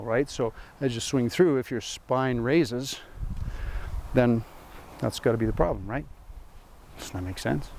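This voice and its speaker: Chatty golf pro with dry sarcasm. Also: male voice, mid-range voice, a little mellow, a little hiss or hum. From Canada. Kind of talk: on-camera golf lesson.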